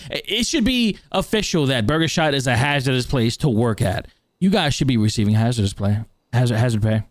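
A man's voice: mid-range voice, expressive, a little fast, no echo, close to an everyday voice. Guy doing a frantic nosy podcast host, role-play interview, dry close sound. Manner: frantic, interrupting, bursts into shouting. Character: excitable male podcast host, nosy and dramatic.

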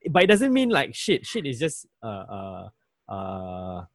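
Animated man explaining slang. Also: lowish voice, slow pace, no echo. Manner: animated, acts out phrases, laughs often. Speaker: guest explaining language. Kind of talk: casual conversational explanation.

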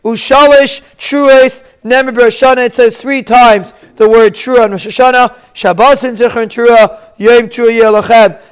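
Man, very high pitch, smooth clear tone, Ashkenazi Hebrew pronunciation, explaining Talmud step by step. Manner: explanatory, mixes Hebrew and Aramaic terms with English. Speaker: Talmud teacher. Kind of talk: Talmud lesson, translating Aramaic and Hebrew phrases.

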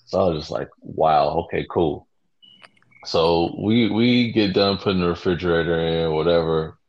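A man's voice: low-pitched, fairly even intonation, moderate pace. A man telling a work story in casual slang, laid-back and amused. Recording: dull lo-fi recording.

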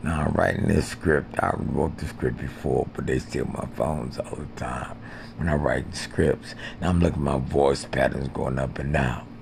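A man rambling profanely through improvised skits and jokes, now and then jumping into squeaky put-on voices. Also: steady tone, moderate pace, gravelly, background noise. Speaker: amateur podcaster. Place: porch outdoors.

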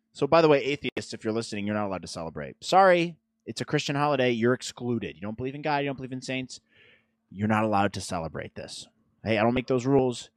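Male podcast host, sarcastic ranter, animated pitch, dry sound. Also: dry recording. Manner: sarcastic, ranting. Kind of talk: casual chat.

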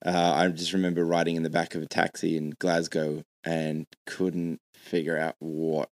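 Aussie podcast host, really deep voice, dry close sound, hesitant and rambly. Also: male voice, level tone, no echo. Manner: halting, hesitant, lots of restarts and laughter. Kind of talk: casual podcast interview.

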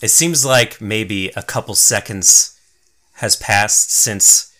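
A man narrating as game master of a tabletop game, relaxed and chuckling. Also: on the low side, slow.

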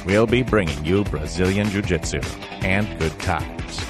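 A man announcing a scripted show intro in a slow, measured delivery. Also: sits low, over music.

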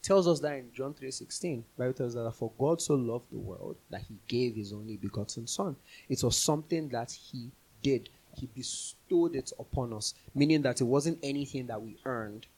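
A man's voice: medium pitch, normal speed, darkish tone, breathy edge, rough recording. A man giving a conversational Bible teaching, explaining scripture with everyday examples.

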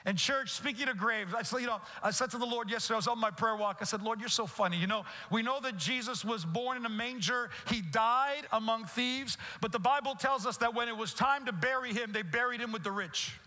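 Male pastor, very high bright timbre, earnest sermon delivery, recorded in an echoey church hall. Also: brisk, few pauses. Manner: earnest preaching, repeats words and restarts phrases. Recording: echoey hall with long reverb.

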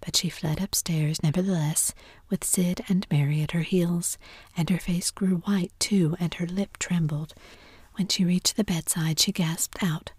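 A woman narrating a storybook in whispered role-play, soft and measured. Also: on the low side, steady tone, breathy edge, no echo.

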